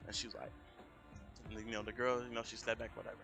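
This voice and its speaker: A man telling a story in a casual, animated rant on a live stream, often jumping into raised voices to quote people. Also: fairly low pitch, brisk, pauses often. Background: music.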